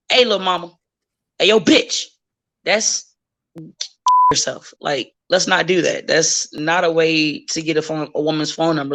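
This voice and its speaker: A woman's voice: on the low side, creaky, fairly bright tone. A woman wrestler as a podcast guest, talking bluntly and profanely in casual chat and acting out the people she quotes.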